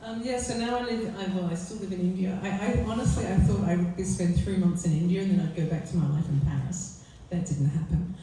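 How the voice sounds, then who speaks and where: A woman author speaking softly and earnestly at a book launch, often pausing with fillers. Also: lowish voice, fairly even intonation, a little hiss or hum. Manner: soft, heartfelt, halting with fillers. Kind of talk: conversational talk and poetry reading. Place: event venue. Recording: echoey room from far off.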